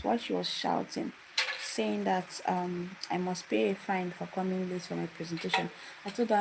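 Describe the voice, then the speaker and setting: A woman's voice: fairly low pitch, normal speed, creaky. Emphatic young woman storytelling. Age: young adult. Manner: animated, emphatic, repeats phrases for emphasis. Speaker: student telling a personal story on a livestream. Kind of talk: casual livestream storytelling. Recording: loud background noise with clicks.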